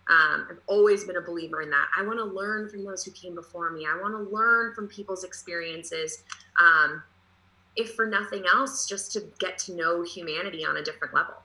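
A woman's voice: on the low side, fairly quick, sharp tone, reverberant, poor audio. A woman guest on a podcast, speaking in a thoughtful, earnest way and repeating phrases for emphasis. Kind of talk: reflective conversation.

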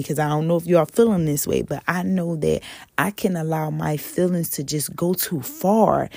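A woman talks through her faith on a home podcast, her voice low and gravelly with a little fry. She rambles in a casual way, corrects herself mid-sentence, and speaks straight to listeners as "y'all." The recording is dry and close, with no room sound. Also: a little mellow, no room sound. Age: adult, mother of a toddler. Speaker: podcast host.

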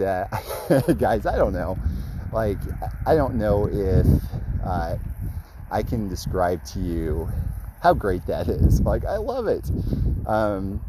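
A man telling an excited, rambling story about his custom card work, full of fillers. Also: fairly low pitch, background noise. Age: adult, grew up a fan. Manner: rambling, many fillers, gushing.

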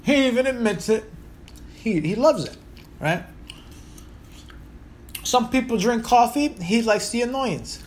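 Profane, lively Puerto Rican man. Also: very high-pitched, measured pace, pauses often, a little hiss or hum. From Puerto Rico. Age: 30s. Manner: profane, rambling and joking. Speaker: podcast host. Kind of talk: casual monologue.

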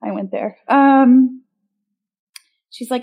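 A woman's voice: medium pitch, moderate pace, a little mellow. A woman co-hosting a podcast, recapping a film in casual, sarcastic chat with many ums.

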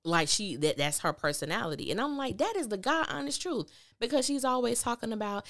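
A woman's voice: on the high side, lively intonation, brisk, fairly bright tone, dry recording, clean studio sound. A woman hosting a podcast, recapping a TV drama in candid, opinionated casual talk and acting out the characters' lines. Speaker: podcast host reviewing a TV drama.

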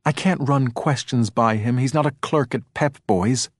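A man reading a novel aloud, voicing a sharp-tongued woman police detective who speaks in clipped, blunt, irritated bursts. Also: medium pitch, normal speed, no echo, studio quality, close to an everyday voice.

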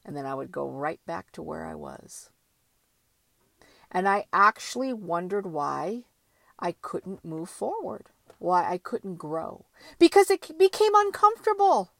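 A woman's voice: fairly low pitch, big pitch swings, measured pace, creaky, no echo. A woman giving a candid motivational monologue, blunt and emphatic, with casual swearing. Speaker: motivational vlogger.

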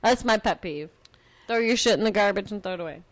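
A woman's voice: mid-range voice, quick pace. A young woman co-hosting a casual podcast chat, ranting with heavy swearing and frequent laughter. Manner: profane, ranting, laughs a lot. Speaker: podcast co-host.

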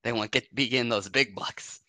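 A man co-hosting a casual podcast chat, laid-back and chuckling, chiming in with quick agreement. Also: mid-range voice, bright, forceful tone, dry recording. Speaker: podcast co-host.

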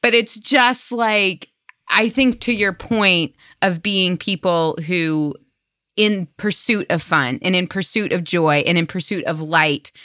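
Podcast host, woman, 30s, lowish bright voice, expressive storyteller, dry close mic. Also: slow, no room sound. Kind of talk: casual conversation.

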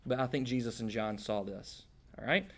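A man's voice: mid-range voice, moderate pace, a bit bright. A man preaching a conversational Bible-teaching sermon, casual and joking, with folksy slang.

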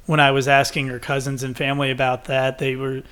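A man's voice: mid-range voice, completely flat delivery, a little fast, fairly bright tone, smooth. A man from Texas co-hosting a casual podcast, making wry, dry asides. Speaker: podcast co-host. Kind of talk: casual chat.

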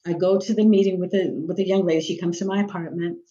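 A woman with a fairly low speaking voice shares personal faith experiences as a podcast guest. She tells her stories vividly and acts out what other people said. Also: steady tone, quick pace, dark tone, lo-fi sound. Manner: vivid storyteller who acts out quoted voices. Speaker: guest, executive director of a nonprofit.

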